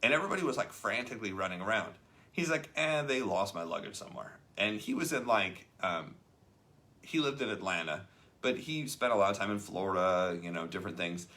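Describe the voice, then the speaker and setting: On the low side, his voice is lively in intonation, fairly quick, pushed and bright. The talk-show host chats casually about a leadership book, narrating a story and performing each character's quoted lines.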